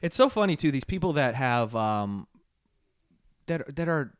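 A man in casual podcast chat, talking in an animated, mocking way and swearing often. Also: medium pitch, a little slow, smooth, no echo, clean studio sound. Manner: animated, profane, mocking impressions. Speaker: podcast co-host.

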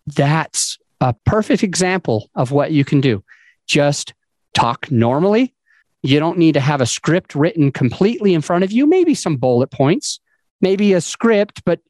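A man's voice: a little high, darkish tone, dry recording. Man with a dry, close voice. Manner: conversational, loose, with fillers and restarts. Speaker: podcast host. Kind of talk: casual advice talk.

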